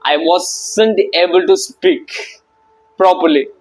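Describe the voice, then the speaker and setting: A man's voice: sits high, slow, a little mellow, soft background music, rough recording. A young man giving a casual motivational talk to camera. He speaks informally with slang, addresses the viewer directly and repeats his points. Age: young adult. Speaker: self-help video maker.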